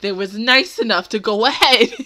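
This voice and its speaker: A woman's voice: fairly high pitch, lively intonation, moderate pace, sharp tone. A woman hosting an anime reaction video, gushing and squealing over her favorite character, tearful and emotional as she talks. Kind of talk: live reaction commentary.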